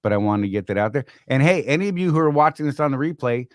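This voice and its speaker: A man's voice: mid-range voice, expressive, rapid-fire, no room sound, studio quality. A man in his fifties hosting a casual live-stream chat, joking and rambling as he mocks himself. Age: 50s. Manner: joking, rambling, self-mocking. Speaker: podcast host.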